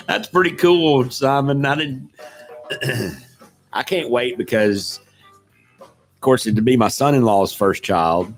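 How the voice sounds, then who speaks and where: A man's voice: medium pitch, takes it slowly, pauses often, faint music behind. Rambling middle-aged man chatting. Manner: rambling and self-deprecating, greets chat viewers. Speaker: live stream host. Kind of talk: casual live-stream chat. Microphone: desk microphone.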